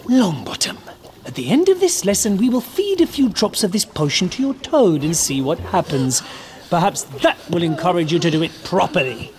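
A woman voicing a cold, contemptuous male teacher who speaks with quiet menace. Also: fairly low pitch, sing-song, normal speed. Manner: icy, contemptuous, dangerous.

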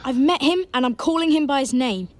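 Woman doing an eager young schoolboy hero in a radio drama, high and bouncy voice. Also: animated, a little fast, darkish tone. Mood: earnest. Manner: eager, earnest boyish talk.

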